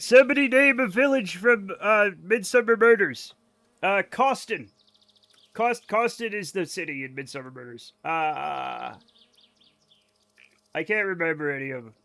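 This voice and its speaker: Bright high-voiced American man chatting. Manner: chatty, joking, reads out and answers chat. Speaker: streamer. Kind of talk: casual live gaming stream chatter.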